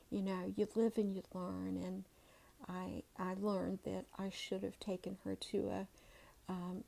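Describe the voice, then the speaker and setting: A middle-aged woman speaks softly and slowly, with a gravelly, mellow tone. She tells a personal story in a hushed voice, pausing often with ums before reading from a journal. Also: medium pitch. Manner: soft, halting, with many ums and pauses. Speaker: channel host telling a family story. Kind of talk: soft-spoken whispered storytelling.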